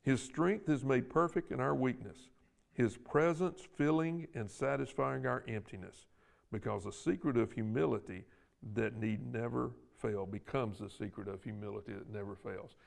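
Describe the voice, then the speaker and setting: A Southern man leads a Bible lesson in a church classroom, his voice rough and gravelly at mid pitch. He talks in a folksy, plainspoken way and acts out the lines he quotes. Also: moderate pace. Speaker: Sunday school teacher.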